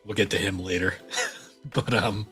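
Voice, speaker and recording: A man co-hosting a casual podcast chat, laid-back and hesitant, with a husky voice. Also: on the low side, fairly even intonation, measured pace, fairly bright tone, faint music behind. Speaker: podcast co-host.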